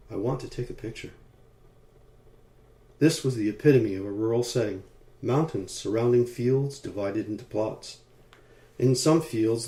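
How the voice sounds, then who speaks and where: A man narrates an audiobook in a calm, measured way. His voice is mellow and warm, and the reading sits in a roomy, echoing space. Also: lowish voice. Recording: roomy echo.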